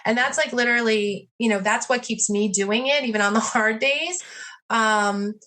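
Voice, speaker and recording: A woman's voice: on the high side, moderate pace, bright, forceful tone, slight background noise. A woman chatting casually as a podcast guest about her pet sitting business, full of "like" and "you know" and acted-out quotes. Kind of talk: casual interview chat.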